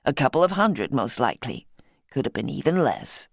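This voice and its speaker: A woman's voice: extremely low pitch, wildly swooping pitch, normal speed, vocal fry, no room sound, studio quality, voice pushed down, heavily acted. A woman reading the part of a chatty, wry American woman antiques dealer of about fifty, in an audiobook.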